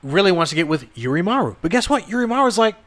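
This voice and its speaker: Lively bright-voiced man co-hosting. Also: sits high, fast. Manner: animated, profane storytelling with stammered restarts. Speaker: podcast co-host. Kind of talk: casual chat recapping an anime film.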